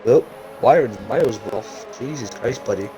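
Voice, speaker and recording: A man's voice: medium pitch, moderate pace, music in the background. A man commentating live on a sim race with a strained, fading voice and frequent startled exclamations. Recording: noisy stream audio with engine sound.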